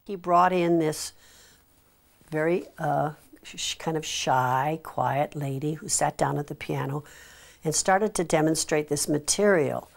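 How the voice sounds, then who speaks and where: Low-voiced woman telling an anecdote. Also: measured pace, gravelly. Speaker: interviewee. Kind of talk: anecdotal interview.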